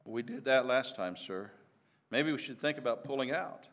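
A man's voice: medium pitch, normal speed, fairly bright tone, close to an everyday voice. A wary first sergeant, put on by a man, hesitant and doubtful. His voice is an ordinary middle register. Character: cautious male first sergeant.

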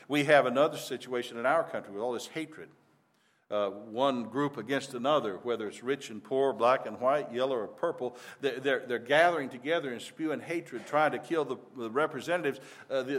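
An older male pastor delivers a sermon in a middle-pitched voice. He speaks earnestly and conversationally, stumbling and restarting phrases as he goes. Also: a bit bright.

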